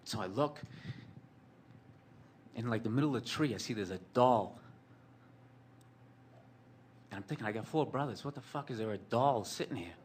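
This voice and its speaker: A man spins a rambling personal story, sardonic and profane, leaning on fillers as he goes. His voice sits at an ordinary middle pitch for a man. There is a faint hiss of noise behind him. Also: brisk. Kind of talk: storytelling monologue.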